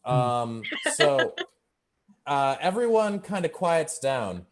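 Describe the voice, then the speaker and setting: A man's voice: on the high side, lively intonation, slow. Laid-back man running a tabletop game. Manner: loose, many fillers. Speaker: game master.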